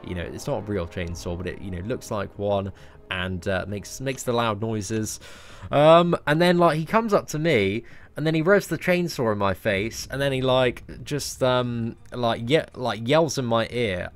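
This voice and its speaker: A man's voice: medium pitch, a little fast. A young English man chatting casually on a game live stream, answering viewers, self-mocking and full of "like" and "mate". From England. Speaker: gaming streamer. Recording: faint music behind.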